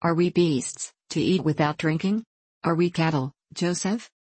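A woman's voice: low voice, unhurried, a little mellow, husky, no room sound. A woman reading the lines of a jovial, merry young king in a hearty, laughing manner.

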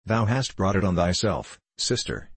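Guy reading as a big bearded craftsman, blunt, deep husky voice. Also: very animated, normal speed, no echo, full character voice. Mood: hearty. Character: burly bearded craftsman, blunt and good-humoured.

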